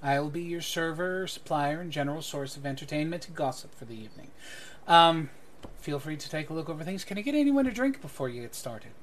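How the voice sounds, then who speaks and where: A chatty tavern waitress, played by a man running the game, greets her guests in a breezy, teasing way. Her voice sits a little high. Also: animated, fairly quick, a little hiss or hum, natural voice. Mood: welcoming.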